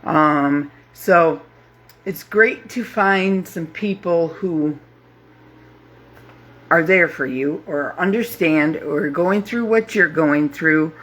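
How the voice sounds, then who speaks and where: Slow, halting woman in her fifties. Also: low-pitched, a bit bright. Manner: slow, halting, with many pauses and fillers; heartfelt, openly emotional. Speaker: grief support group host. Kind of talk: live casual talk to viewers.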